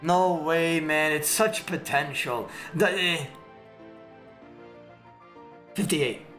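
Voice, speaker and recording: A man streaming a game, giving excitable, slangy trash-talk commentary with sudden shouts. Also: a little high, extremely slow. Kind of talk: live gameplay commentary. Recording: echoey room with clear background music. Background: background music.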